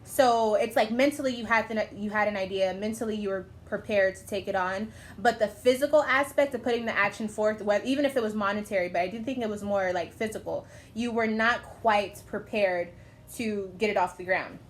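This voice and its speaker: A woman's voice: mid-range voice, brisk, slight background noise. A woman giving a casual, chatty tarot reading to camera, effusive and talking in loose asides. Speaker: tarot reader.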